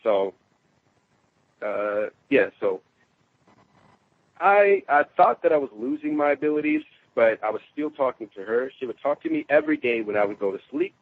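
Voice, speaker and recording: A man telling a personal story in casual conversation, animated and laughing often. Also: normal speed, pauses often. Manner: animated, quotes others in raised pitch, laughs often. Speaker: guest. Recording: tinny phone line.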